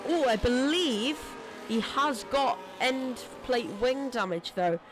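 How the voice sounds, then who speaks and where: An esports racing commentator calling a live race in a chatty, self-deprecating way, quick to apologise, and losing their voice. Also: high-pitched, expressive, over music.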